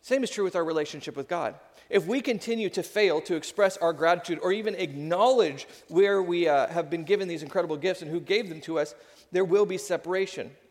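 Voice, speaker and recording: A pastor, a man in his thirties, giving a conversational sermon with lively asides. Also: high-pitched. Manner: conversational preaching, animated, quick asides. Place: church sanctuary. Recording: long hall reverb.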